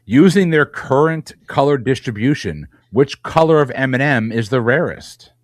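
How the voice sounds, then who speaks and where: A man hosting a trivia game, reading questions briskly and teasing the players. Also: medium pitch, animated, no room sound. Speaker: quizmaster.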